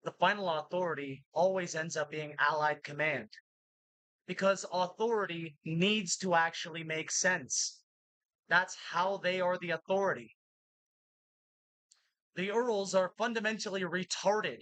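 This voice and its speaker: A woman ranting in a monologue to camera, agitated, with halting restarts that give way to shouted insults. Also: on the low side, no room sound, rough recording. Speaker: vlogger.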